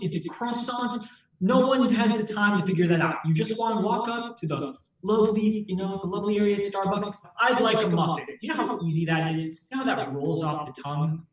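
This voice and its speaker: A man doing an improv bit as a lawyer arguing for muffins, playful and teasing in a mock courtroom style. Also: high-pitched. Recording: roomy echo, distant from mic.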